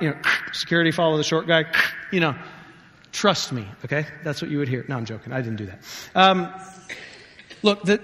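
A man's voice: fairly high pitch, a bit bright. A man preaching a sermon as pastor, conversational and joking, acting out scripture quotes. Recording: long hall reverb.

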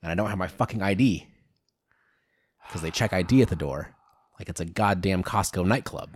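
A man's voice: sits low, moderate pace, breathy edge, no echo. A man co-hosting a podcast, joking and ranting with plenty of profanity in casual chat. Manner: expressive, joking, profane rants. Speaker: podcast co-host.

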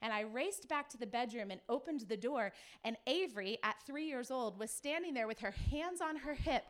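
A woman pastor preaching a sermon, telling stories in a lively way, acting out the people in them and putting questions to her listeners. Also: fairly high pitch, moderate pace. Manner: lively storytelling, acts out quoted people; speaks to the audience directly with questions.

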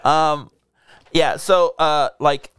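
A man's voice: a little high, drawn-out words, a bit bright, smooth, no room sound, studio quality. A man in his thirties, a podcast co-host, chatting casually in a rambling way, full of fillers and laughter. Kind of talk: casual chat.

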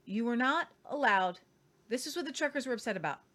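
A woman hosts a news commentary show. Her voice sits fairly high. She talks emphatically, with sarcastic, mocking asides. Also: lively intonation, brisk, fairly bright tone.

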